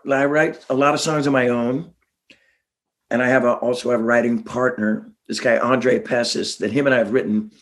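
A middle-aged man who sings and writes songs for a band tells rambling, animated stories in a casual interview. He cracks self-deprecating jokes, and his voice sits in the mid range.

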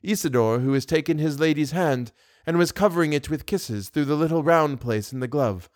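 A man's voice: a little high, fairly quick, no echo, studio quality. Man reading a novel aloud. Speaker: audiobook reader. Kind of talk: audiobook narration.

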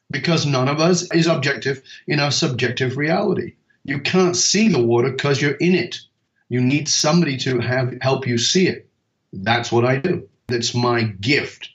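A man talks as a purpose coach in a podcast chat, driving his points home with emphatic stories and the odd swear word. His voice sits at an ordinary pitch for a man. The sound is roomy with echo and comes across slightly dull and muffled. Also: moderate pace. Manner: emphatic storytelling, casual swearing. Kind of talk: conversational podcast talk.

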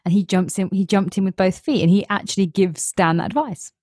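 A woman's voice: mid-range voice, brisk, a little mellow, husky, no room sound, clean studio sound. A woman co-hosting a podcast, chatting casually and playfully about a TV episode. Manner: playful, jokey, slips into silly put-on voices. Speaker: podcast co-host. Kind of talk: casual chat recapping a TV show.

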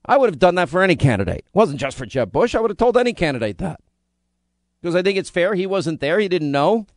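A man's voice: high-pitched, big pitch swings, quick pace, no room sound. A man hosting a talk radio show, delivering a combative, indignant monologue full of rhetorical questions into a studio microphone.

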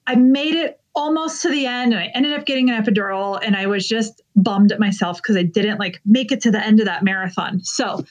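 Earnest woman telling a personal story. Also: medium pitch. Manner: earnest, emotional retelling, quick bursts. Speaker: guest. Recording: dull lo-fi sound.

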